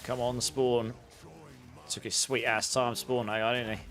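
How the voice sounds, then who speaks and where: A man's voice: mid-range voice, level tone, unhurried, a bit bright. A man chatting casually while streaming a game, answering his chat and telling long rambling anecdotes.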